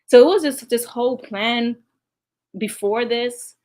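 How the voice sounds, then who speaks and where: A woman's voice: a little high, measured pace, darkish tone. Woman vlogger sighing through a recap. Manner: emotional, sighing, talks straight to viewers. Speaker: vlogger recounting past events. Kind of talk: casual reaction commentary.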